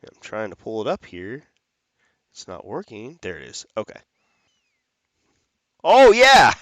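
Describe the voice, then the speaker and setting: A man's voice: fairly low pitch, very animated, moderate pace, dry recording. Chatty man breaking down fight picks. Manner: chatty, rambling with restarts and self-corrections. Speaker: MMA fight picks host. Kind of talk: casual fight prediction talk.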